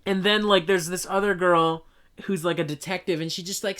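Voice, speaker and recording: A woman with a notably low voice talks in a loose, casual chat. She rants in an animated way, swears freely and mocks the things she describes. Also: moderate pace. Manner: animated, profane, mocking impressions. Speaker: podcast co-host reviewing a film.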